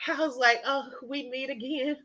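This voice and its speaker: A woman telling a story in casual chat to her viewers, animated and laughing often. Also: high voice, moderate pace. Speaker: livestream host chatting with viewers.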